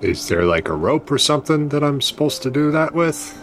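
A man's voice: a little high, sing-song, fairly quick, faint music behind. A man playing a tabletop game, talking casually and asking questions. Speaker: player.

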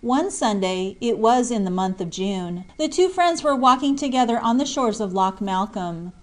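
A woman's voice: fairly high pitch, animated, moderate pace. Woman reading a classic novel aloud. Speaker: audiobook reader. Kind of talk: scripted narration.

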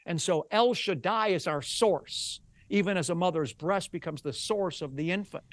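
A man's voice: high-pitched, moderate pace. A rabbi and Bible teacher, a man, explaining in an earnest teaching manner during a broadcast interview, working through examples step by step.

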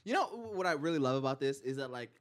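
A man co-hosts a casual podcast chat, riffing in a laid-back, joking way. He keeps checking in with his listeners. His voice stays at a middling pitch. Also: lively intonation, fast talker, crowd noise. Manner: joking, laid-back, repeats "you know what I mean".

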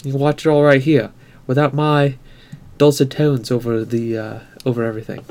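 Give me a relaxed, chatty man co-hosting a gaming podcast. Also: medium pitch, moderate pace. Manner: relaxed, self-deprecating, chatty. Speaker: podcast co-host. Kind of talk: casual chat.

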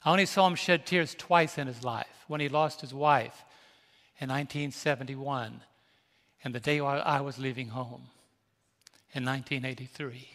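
An older New York pastor delivers a sermon built around a personal, emotional story, calling out to his congregation as he goes. His mid-range voice is a bit bright, with fairly even intonation and a moderate pace. The recording has the heavy reverb of a large hall.

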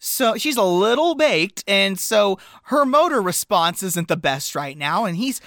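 A woman co-hosts a podcast and gives her opinions on a movie in casual chat. Her voice is bright and lively in pitch, and the recording sounds dry and close. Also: a little slow, dry recording. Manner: reactive, opinionated. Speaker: podcast co-host.

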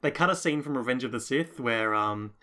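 A man's voice: medium pitch, pushed and bright. A man co-hosting a podcast in casual chat, wry and opinionated. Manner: fast, wry and opinionated, laughs often. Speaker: podcast co-host.

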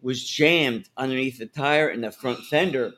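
A man's voice: medium pitch, moderate pace, a bit bright. A man, co-hosting a podcast and telling a story in casual chat, swearing freely and laughing as he talks. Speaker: podcast co-host.

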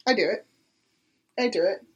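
Husky young woman gushing and laughing. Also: mid-range voice, normal speed, darkish tone. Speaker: podcast co-host. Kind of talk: casual chat.

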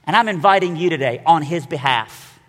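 A man's voice: on the high side, animated, a little fast, a bit bright, long reverb tail. A man preaching a sermon, telling his story with animation and acting out the voices of the people in it.

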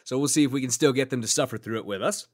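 A man's voice: medium pitch, racing. A man co-hosting a podcast in a casual, joking chat, thinking aloud with fillers as he goes. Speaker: podcast co-host.

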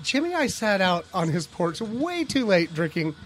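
A man's voice: sits high, very animated, moderate pace, a bit bright, soft background music. A man co-hosting a comedy podcast, riffing and joking in casual, profane banter. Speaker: podcast co-host.

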